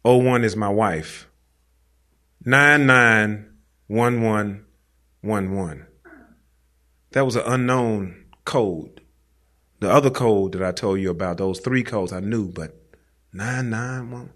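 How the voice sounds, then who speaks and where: A man's voice: lowish voice, slow, long pauses, a bit bright. A man telling a true personal story to a live audience, in a casual, slangy, conversational way that speaks straight to the listeners.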